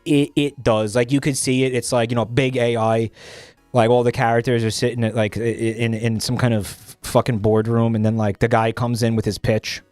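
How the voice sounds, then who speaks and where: A man's voice: medium pitch, little pitch movement, normal speed, darkish tone, dry recording, soft background music. A young man streaming, chatting casually while reading posts, profane and rambling with many restarts.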